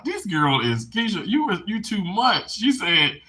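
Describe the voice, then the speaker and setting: A man live streaming casually to his chat, emotional and animated, laughing and tearing up as he talks. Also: sits high, measured pace, few pauses.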